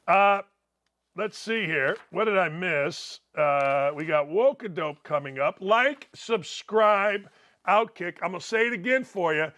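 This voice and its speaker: Hosting a sports talk show, a middle-aged man goes on excitedly about betting, rambling and erupting into loud shouts. He speaks a little slowly, his voice sitting high.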